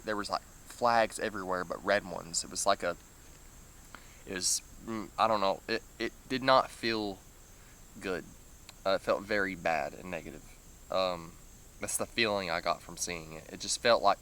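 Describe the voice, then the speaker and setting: Rambling man with a bright voice. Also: low voice, slight background noise. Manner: rambling, full of "like" fillers, nervous laughs. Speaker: vlogger. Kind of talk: casual storytelling.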